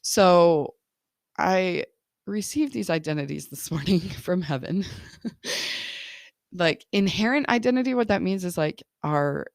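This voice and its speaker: Woman, 30s, life-coach podcast host; gravelly fry, dry close sound, chatty and encouraging, laughs a lot. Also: lowish voice, lively intonation, measured pace, pauses often, dry recording. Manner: encouraging, laughs often, many "like" and "right?" fillers. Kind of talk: casual podcast monologue.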